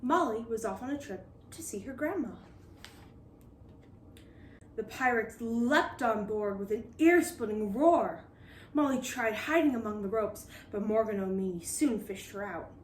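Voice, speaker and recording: Expressive woman reading a picture book. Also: on the high side, a little slow, recorded from a distance, a little hiss or hum. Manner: expressive, lively storytelling. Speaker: storybook reader. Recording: roomy echo.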